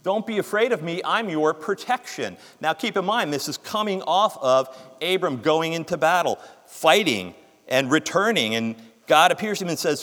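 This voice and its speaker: A man's voice: a little high, expressive, normal speed, a bit bright, long reverb tail. A man preaching a sermon, reading scripture aloud with emphasis and explaining it earnestly.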